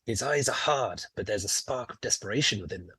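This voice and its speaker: A man narrates a role-playing adventure as game master in a theatrical storytelling manner. His pitch moves in a very lively way, and the voice has a slightly husky edge. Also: brisk, dry recording. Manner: theatrical storytelling, laughs often. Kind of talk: role-play narration and casual chat.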